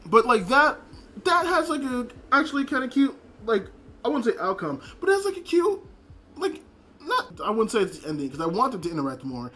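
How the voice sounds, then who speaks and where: A man's voice: high-pitched, very animated, normal speed, bright, forceful tone, a little hiss or hum. A man giving a casual, rambling anime episode review, swearing and laughing as he retells scenes.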